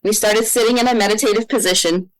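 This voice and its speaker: Animated woman telling a story. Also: quick pace, rough recording. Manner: animated storyteller, acts out quotes with big pitch jumps. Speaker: podcast guest, holistic coach and Reiki practitioner. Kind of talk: casual storytelling in a podcast interview.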